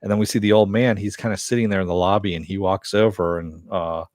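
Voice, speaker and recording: A man's voice: low voice, steady tone, quick pace, a little mellow, no room sound, clean studio sound. A man casually recapping a TV episode, retelling the scenes in a loose, rambling way and swearing freely. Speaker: TV show reviewer.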